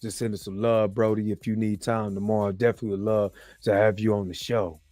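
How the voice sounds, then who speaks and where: Man impersonating a laid-back male buddy, voice dropped way low, unhurried. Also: little pitch movement, mellow, no room sound, close to an everyday voice.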